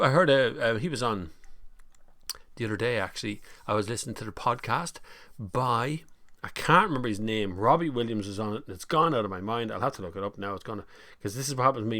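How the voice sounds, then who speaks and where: A man's voice: mid-range voice, a little fast, sharp tone, no room sound. A middle-aged Irish man hosting a casual live stream, rambling and greeting viewers by name. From Ireland. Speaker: livestream host.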